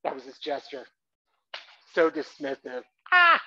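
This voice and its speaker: A man with a high, slightly quick voice and a breathy edge performs a playful, comic monologue about his own life on a theatre stage. He's animated, coaxes the audience to join in, and breaks into loud shouts, all captured in a dull, lo-fi live recording.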